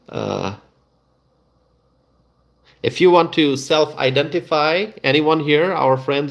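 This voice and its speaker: Host, male, middle-aged; unhurried, gravelly, halting live-stream chat. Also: on the high side, lively intonation. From Bangladesh. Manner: halting, many fillers and restarts.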